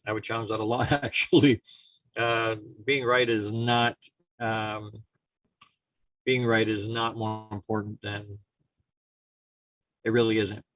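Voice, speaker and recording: A man's voice: on the low side, slow, pauses often, no echo. Brief: middle-aged man, self-help host, loose conversational delivery, dry muffled recording. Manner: casual, rambling, frequent restarts, animated storyteller. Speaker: show host.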